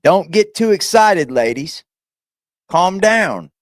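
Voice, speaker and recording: A man hosting a reaction channel, talking casually and crudely with teasing asides and loud whoops. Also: sits high, sing-song, takes it slowly, no room sound.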